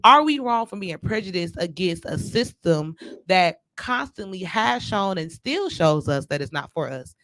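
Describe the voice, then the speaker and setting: A man with a bright, forward voice, chatting on a podcast in a loose, animated way. He spins out his points with slang and keeps checking in with the others. The sound is close and dry. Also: high voice, dry recording. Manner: animated, drawn-out storytelling with slang. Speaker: podcast co-host. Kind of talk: casual podcast chat.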